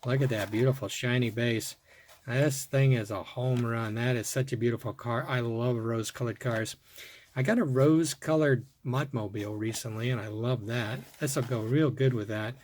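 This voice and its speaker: A middle-aged man hosting his own collecting video, casually talking through his finds and getting excited over the rare ones. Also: medium pitch, normal speed. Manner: muttering softly while working, then bursting into excitement. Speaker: toy car collector and video host. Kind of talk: casual hands-on show-and-tell.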